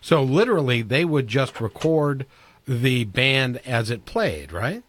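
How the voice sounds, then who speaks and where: A man hosting a radio interview, eager and quick to agree with his guests, often restarting his sentences. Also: medium pitch, sing-song, no echo. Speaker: radio show host. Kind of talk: casual interview chat.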